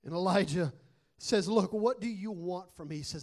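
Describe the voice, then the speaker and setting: A man preaching a sermon, telling a personal story and building to shouted exhortation. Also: high-pitched, normal speed.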